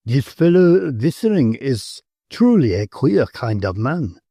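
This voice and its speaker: A man's voice: mid-range voice, big pitch swings, measured pace, warm tone, husky, no room sound, studio quality, full character voice. A man voicing an elegant count who speaks with formal, courteous phrasing. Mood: confiding. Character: elegant aristocratic count, polite but nervous uncle.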